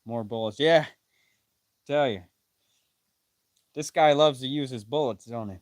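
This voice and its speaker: A man's voice: medium pitch, a little slow, no room sound, clean studio sound. A man live-streaming his reaction to a manga chapter, reading panels aloud, correcting himself and swearing casually.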